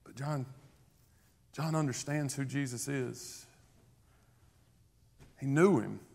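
A man's voice: medium pitch, takes it slowly, gravelly, a little mellow. A man preaching a sermon, emphatic and rising in volume on key points, with conversational asides to the listeners. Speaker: pastor.

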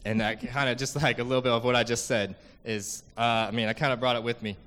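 A man's voice: mid-range voice, fairly even intonation, fast talker, fairly bright tone, big-room sound, a little hiss or hum. A young man giving an earnest, emotional church testimony about a mission trip, full of fillers and restarts.

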